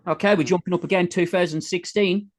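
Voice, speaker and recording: A man's voice: high-pitched, steady tone, fast. A man co-hosting a casual podcast, teasing his co-host while he asks quiz questions and reels off facts. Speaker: co-host and quizmaster.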